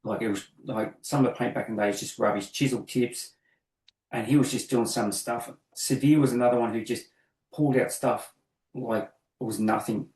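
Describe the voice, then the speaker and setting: In an echoey room, a graffiti artist on as a guest, a middle-aged Australian man with a mid-range voice at normal speed, chats casually. His anecdotes come out animated, with him playing both sides of each tale.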